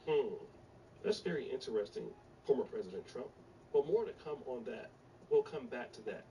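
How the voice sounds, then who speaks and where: A man's voice: medium pitch, wildly swooping pitch, moderate pace, mellow, lo-fi sound. A man hosting a casual commentary show, introducing clips and repeating words for emphasis. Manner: repetitive, emphatic. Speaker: commentary channel host. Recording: distant mic, faint background noise.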